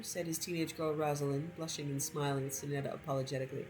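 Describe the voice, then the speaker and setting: A woman narrating a story over gameplay in an expressive reading voice. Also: deep voice, fast talker, music in the background, rough recording.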